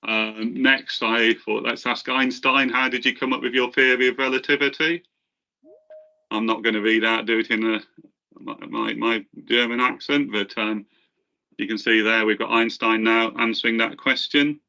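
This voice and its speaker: A man from the software team presents a demo during a webinar, his medium-pitched voice steady in tone yet bright and somewhat forceful. He hesitates a lot, restarting phrases and filling gaps with ums, over call audio that sounds slightly dull and lo-fi.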